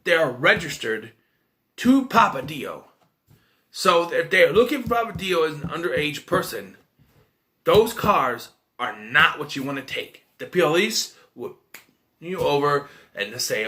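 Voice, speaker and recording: A man casually recapping a film plot in a rambling, animated way, acting out his own reactions. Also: fairly high pitch, moderate pace. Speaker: movie reviewer.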